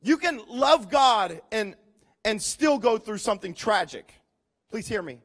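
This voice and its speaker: A man preaching a sermon to his congregation, swinging from quiet, earnest passages to loud, dramatic storytelling and direct appeals. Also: high-pitched, lively intonation, a little slow. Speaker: pastor.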